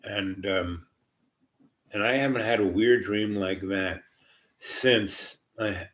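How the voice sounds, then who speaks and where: Rambling middle-aged man, low voice. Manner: meandering, heavy with fillers and restarts. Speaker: storyteller. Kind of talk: rambling personal anecdote.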